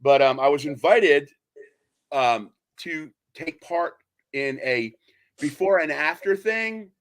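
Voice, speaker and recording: A man's voice: fairly high pitch, takes it slowly. A middle-aged man hosting a talk radio show, rambling through casual banter and long jokes, laughing at his own stories. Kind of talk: casual banter and joke telling.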